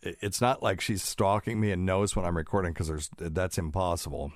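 A man's voice: low-pitched, fairly even intonation, fairly quick, no room sound, clean studio sound. A man hosting a casual solo podcast, rambling and chatty, stopping to fuss over word usage. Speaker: podcast host, doctor.

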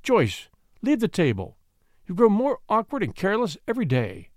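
A man voicing a stern, sharp-tongued old grandmother who scolds. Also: high voice, wildly swooping pitch, normal speed, no room sound, clean studio sound, pitched above the performer's own voice. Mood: scolding.

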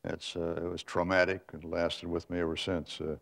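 Older man, very deep voice, gravelly, measured storytelling, pauses and restarts. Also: level tone. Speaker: guest, veteran newsman. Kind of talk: reflective conversational storytelling.

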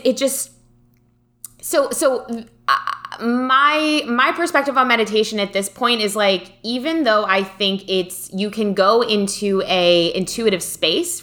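A woman's voice: mid-range voice, pushed and bright. A young woman co-hosting a casual talk show, telling stories animatedly with lots of fillers and the odd swear word. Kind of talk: casual conversation.

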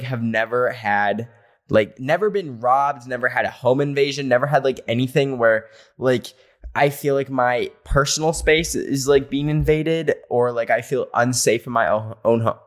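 A man hosting a podcast, reading listener stories aloud and reacting playfully with animated asides. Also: medium pitch, moderate pace. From rural area. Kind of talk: casual podcast chat.

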